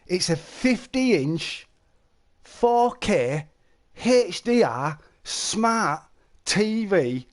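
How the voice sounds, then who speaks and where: A man's voice: high-pitched, expressive, extremely slow. A middle-aged man, chatting casually to viewers on a live stream and telling stories. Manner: chatty, storytelling, calls listeners mate.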